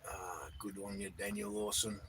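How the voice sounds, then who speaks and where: A man's voice: fairly low pitch, flat delivery, moderate pace, a bit bright, slightly rough, rough recording. A man hosting a casual livestream, reading out viewers' names and greeting them as he goes. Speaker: livestream host. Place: outdoors in the cold.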